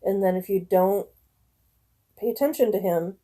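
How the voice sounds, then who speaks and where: A woman's voice: medium pitch, normal speed, dark tone. A woman in her forties from northern Michigan, chatting with live viewers at home in a rambling way, often laughing. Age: 40s. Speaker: live-stream host. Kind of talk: casual chat with viewers.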